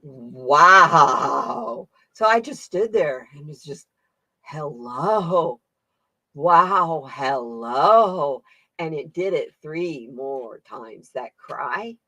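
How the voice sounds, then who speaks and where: Woman, tarot reader, live-stream host, slow unhurried talk, dry close sound, chatty, laughs often. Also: low voice, animated, sharp tone, breathy edge, no room sound. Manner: chatty, laughs often, reads viewer comments aloud. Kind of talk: casual live-stream reading, chatting with viewers.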